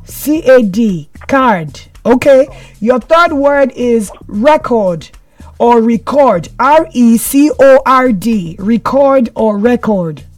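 A man's voice: very high voice, expressive, slow, no room sound. An upbeat man hosts a morning radio word game. He teases his callers as faint music plays behind him. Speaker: radio host.

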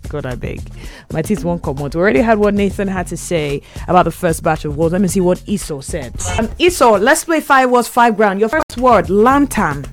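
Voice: medium pitch, animated, normal speed, faint music behind. A Nigerian radio host running a call-in word game with a playful, laughing manner. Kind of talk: lively call-in radio chat. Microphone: studio microphone.

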